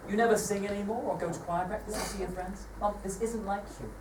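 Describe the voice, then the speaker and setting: A woman's voice: mid-range voice, steady tone, quick pace, lightly acted. A woman playing a caring young adult son, earnestly pleading on a live theatre stage. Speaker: amateur stage actor. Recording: echoey theatre stage from far off, noise.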